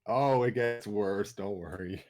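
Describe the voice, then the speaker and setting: Man, lowish voice, host, casual chat, rambling, laughs often, clicking sounds. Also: unhurried, darkish tone. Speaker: host of a story reading show.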